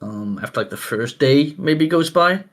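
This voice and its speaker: A man's voice: a little high, lively intonation, moderate pace. Hesitant male tabletop player. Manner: hesitant, with many fillers. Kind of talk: tabletop game play.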